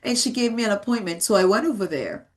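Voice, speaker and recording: A woman's voice: medium pitch, animated, fast talker. A woman in her thirties giving a realtor training talk, emphatic and repeating key words as she tells stories from her work. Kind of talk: motivational training talk with anecdotes.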